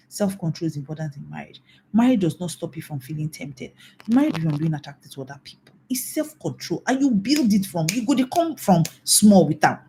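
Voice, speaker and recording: A woman's voice: fairly low pitch, dark tone, slight background noise. A middle-aged Nigerian woman pastor giving a mentoring talk, emphatic and scolding, repeating her warnings. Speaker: pastor and infidelity recovery coach.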